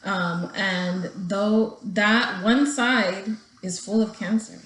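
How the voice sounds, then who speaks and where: Talking to her vlog viewers, a young woman rambles emotionally while fighting back tears. Her mid-range voice is steady, slow, and a bit bright, and the low-quality recording has an echoey room sound.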